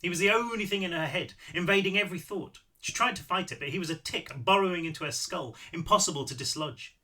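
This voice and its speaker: A man reads his own novel aloud with lively, animated delivery and now and then breaks off for a casual aside. His voice is a little higher than most men's, with a very bright, sharp tone. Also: quick pace. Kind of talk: audiobook read-through with asides.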